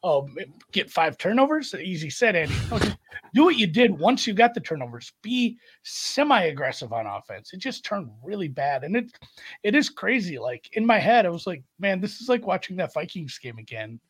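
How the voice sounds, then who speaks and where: A man co-hosting a casual sports chat who rambles in an animated way and lets his phrases trail off. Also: high-pitched, normal speed, slightly rough.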